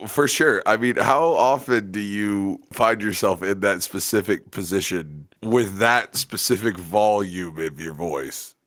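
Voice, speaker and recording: A man's voice: lowish voice, unhurried, hardly any pauses, a bit bright. A man co-hosting a podcast in casual chat, rambling and teasing, laughing often. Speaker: podcast co-host. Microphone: webcam setup at home.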